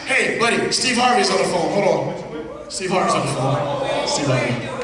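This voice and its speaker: A man's voice: high voice, very animated, moderate pace. A man working as a stage hypnotist, giving brash, commanding, teasing patter to volunteers in a live comedy show. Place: large hall with audience. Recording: echoey hall recorded from far off. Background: crowd noise.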